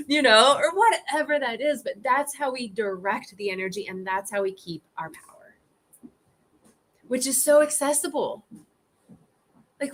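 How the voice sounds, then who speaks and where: A woman with a somewhat high voice leads a casual group discussion. She talks in an animated, conversational way, acting out the voices in her head and swearing freely. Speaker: group facilitator.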